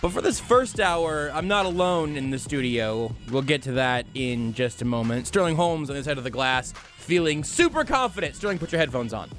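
A young man hosting a sports talk radio show in a studio, joking and quick to laugh. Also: fairly high pitch, lively intonation, a bit bright, faint music behind. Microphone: studio mic.

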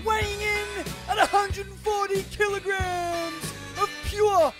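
A man putting on the voice of a male boxing-ring announcer, with a drawn-out, shouting delivery. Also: extremely high pitch, little pitch movement, voice pushed up. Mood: hyped. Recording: music playing loudly behind.

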